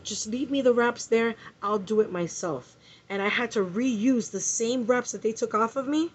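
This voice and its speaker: A woman telling an angry story in a vlog, swearing and repeating herself as she vents. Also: mid-range voice. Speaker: vlogger. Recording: muffled lo-fi recording.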